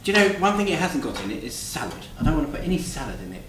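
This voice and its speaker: A man's voice: on the high side, very animated, racing. A man playing a posh, bossy middle-aged lady cook in a comic cooking show, prim and tart, ending lines with "dear". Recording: roomy distant kitchen recording, faint noise.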